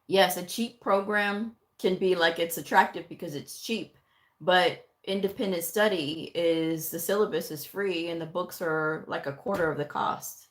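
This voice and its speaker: A woman's voice: fairly low pitch, fairly even intonation, normal speed. A middle-aged woman hosting a live stream, casually chatting and reading out and answering viewer comments. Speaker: livestream host answering viewer questions.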